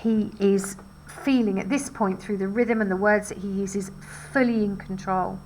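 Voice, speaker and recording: A woman's voice: mid-range voice, steady tone, moderate pace, darkish tone, a little hiss or hum, rough recording. Woman teacher explaining a play. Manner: explanatory, thoughtful, conversational. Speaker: English literature teacher. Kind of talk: literature lesson.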